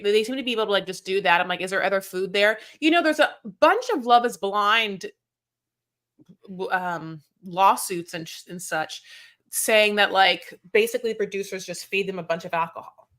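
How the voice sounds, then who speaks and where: Sarcastic woman co-host, casual recap talk, mid pitch, mimics others' quotes. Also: pushed and bright. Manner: chatty, sarcastic, acts out cast members' lines. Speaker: podcast co-host.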